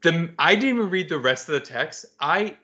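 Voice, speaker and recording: A man's voice: fairly high pitch, expressive, normal speed, bright, forceful tone, lo-fi sound. A man co-hosting a podcast, chatting casually and telling a story against himself. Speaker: podcast co-host. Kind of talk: casual chat.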